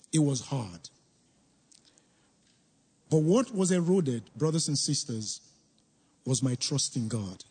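A middle-aged church member, his voice a little high, a little mellow and edged with breath, recounts his testimony to the congregation. He speaks earnestly and reflectively, repeating words for emphasis.

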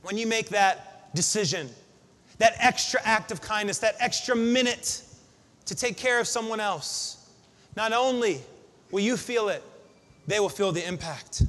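A man preaching a sermon to his congregation, building up to shouted refrains. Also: sits high, a little slow. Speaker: pastor. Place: church sanctuary. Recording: long hall reverb.

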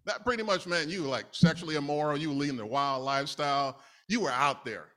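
A man's voice: a little high, fast talker, sharp tone. A man from New City, preaching a casual, conversational sermon with laughing asides. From New York City. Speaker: lay preacher.

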